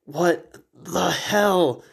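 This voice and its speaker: A man voicing a wounded male hunter in a ghillie suit, drawing out his words in slow, pained cries. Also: high voice, gravelly, breathy edge, pitched above the performer's own voice, exaggerated voice.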